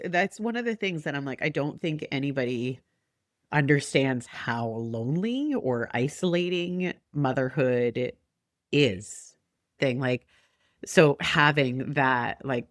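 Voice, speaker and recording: Lively woman in her forties, dry mic. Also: rumbling low, no room sound. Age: 40s. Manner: animated, acts out remembered talk with laughs. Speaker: guest. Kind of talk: casual podcast chat.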